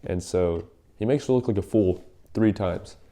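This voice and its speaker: Deep-voiced young man retelling a story. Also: normal speed, dark tone. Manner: slangy, rambling storyteller with fillers. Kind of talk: casual Bible story retelling.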